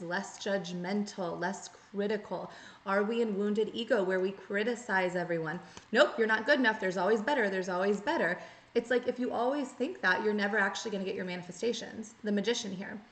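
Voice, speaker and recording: A woman giving a tarot reading, talking straight to her viewers in an earnest, coaching way and acting out the thoughts she quotes. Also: medium pitch. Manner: earnest, coaching, acts out quoted inner voices. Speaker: tarot reader. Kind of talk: direct-to-camera tarot reading. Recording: echoey room, faint noise.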